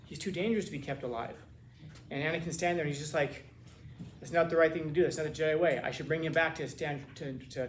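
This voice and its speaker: A man with a somewhat high voice lectures a class in a relaxed, conversational way, often stumbling and repeating words as he finds his phrasing. He is recorded in an echoey classroom with a faint hum behind him. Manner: casual, repeats words when searching for phrasing. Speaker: teacher.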